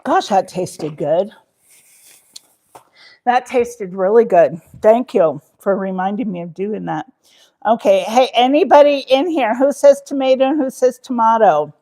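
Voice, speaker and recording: A woman hosting a casual cooking livestream, chatty and rambling, quick to laugh. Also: fairly high pitch, animated, dark tone.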